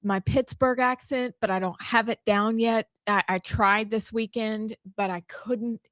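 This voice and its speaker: A woman's voice: on the high side, fairly even intonation, a bit bright, dry recording. A woman co-hosting a talk show, with playful, bubbly banter. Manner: bubbly, playful, quick to laugh. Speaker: radio show co-host. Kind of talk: casual morning-show banter.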